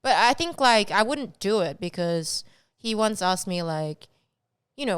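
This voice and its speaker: As a podcast guest, a woman chats casually and fills her talk with "like." Her medium-pitched voice is expressive and smooth at a measured pace, recorded dry.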